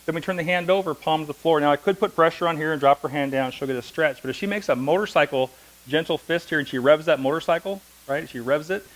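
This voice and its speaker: A man's voice: fairly high pitch, poor audio. A middle-aged man teaching a hands-on massage class, telling stories and demonstrating as he talks. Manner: fast, anecdotal, demonstrating while talking. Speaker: massage instructor.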